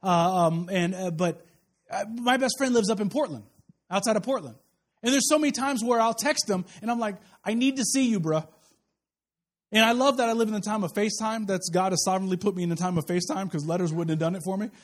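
Casting: young male pastor, very high voice, lively conversational sermon delivery with playful asides. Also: fast talker. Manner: animated, conversational preaching with acted-out asides.

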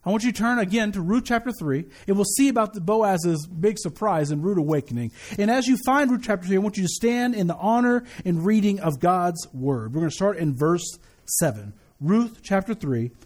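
High-voiced man preaching conversationally. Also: lively intonation, fairly quick, hardly any pauses, darkish tone. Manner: conversational, joking asides, frequent "uh" and restarts. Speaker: pastor. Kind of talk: sermon.

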